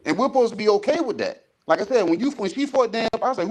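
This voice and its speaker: A man's voice: high-pitched, quick pace. Heated, profane man arguing sports. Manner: profane, animated, repeats himself. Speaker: podcast co-host.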